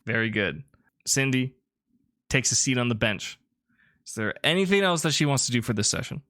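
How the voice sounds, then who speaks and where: A man narrating a tabletop role-playing game as the game master, in a relaxed, rambling way with many fillers. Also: mid-range voice, moderate pace, dry recording, clean studio sound.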